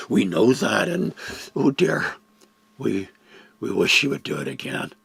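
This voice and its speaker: An older man giving a reflective Bible talk, expressive and acting out the quoted dialogue. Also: medium pitch, measured pace, gravelly, pauses often, husky, no echo. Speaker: Bible teacher.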